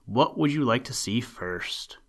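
Guy reading a stern calm scientist dad from a storybook, grave and steady, mid pitch. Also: measured pace. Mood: firm. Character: stern calm adult male scientist father.

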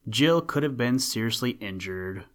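A man reading aloud and voicing a stern, calm scientist father with a grave, steady delivery. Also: mid-range voice, measured pace. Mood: firm. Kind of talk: storybook reading.

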